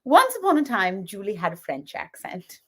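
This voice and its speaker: A woman's voice: mid-range voice, moderate pace, breathy edge. A woman co-hosting a live show, telling stories in casual chat and laughing often. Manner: animated storyteller, laughs often. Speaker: podcast co-host.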